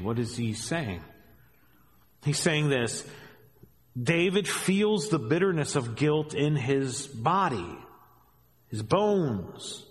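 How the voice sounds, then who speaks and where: A middle-aged man preaching a sermon as a pastor, animated, with joking asides, swinging between hushed and raised delivery. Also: mid-range voice, slow, long pauses. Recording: long hall reverb.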